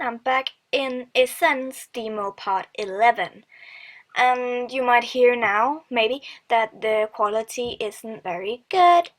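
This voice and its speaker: A woman's voice: a little high, slow, poor audio. Chatty woman playing a game. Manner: chatty, giggly, reads game text aloud. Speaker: let's play host. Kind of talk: casual game commentary and reading aloud. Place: house with family around. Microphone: computer mic. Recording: music playing behind.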